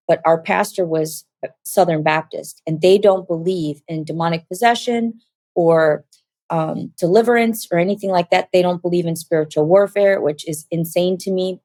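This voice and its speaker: A woman guest gives a personal testimony in a low, grounded voice at a moderate pace, animated and vivid, acting out the voices of those she quotes. The recording is close and dry, with no echo or room sound.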